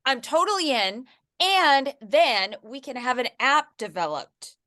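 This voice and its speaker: A woman's voice: high voice, animated, a little slow, bright, forceful tone, no room sound, studio quality. A woman hosting a chat podcast, enthusiastically riffing on ideas with her guests. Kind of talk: casual chat.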